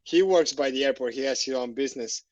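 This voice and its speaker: Guy on a podcast telling a story, gets animated acting out what people said, dull dry-sounding audio. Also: medium pitch, fast, no room sound. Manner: animated storyteller re-enacting conversations. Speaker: podcast guest.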